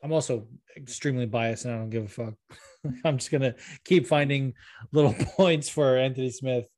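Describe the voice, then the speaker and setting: Man, podcast host, casual rambling talk, mid pitch, dry recording. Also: normal speed, darkish tone, no room sound. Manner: rambling, lots of "like", laughs easily.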